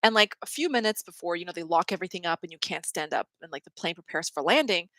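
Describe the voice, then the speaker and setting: Hosting a livestream, this woman speaks in a fairly low, animated voice, fast and pushed bright, with no echo. Her chatty, rambling story is packed with "like," and she laughs between words as she tells it.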